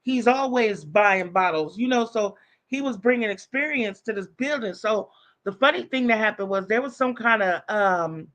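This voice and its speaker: Woman on a livestream, loose and profane, tells a story and does the voices, mid pitch. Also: animated, moderate pace, fairly bright tone. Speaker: live streamer.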